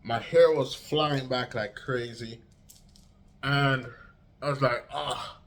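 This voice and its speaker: A young man vlogging a casual storytime, slangy and swearing, acting out quotes with big jumps in pitch. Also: steady tone, slow pace.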